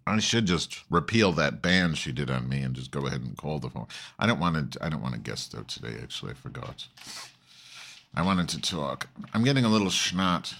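A male host talks loosely to his online audience, swearing freely and veering between topics. His voice sits very low, and he restarts his sentences often in a campy, offhand manner. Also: sing-song, normal speed, fairly bright tone. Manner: profane, campy, rambling with many restarts. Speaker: host of an online call-in show. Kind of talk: casual rambling monologue.

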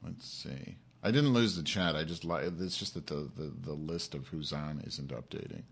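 A man's voice: very deep voice, normal speed, vocal fry, slightly rough. A man hosting his own live-stream show, in an angry, profane rant aimed straight at his audience.

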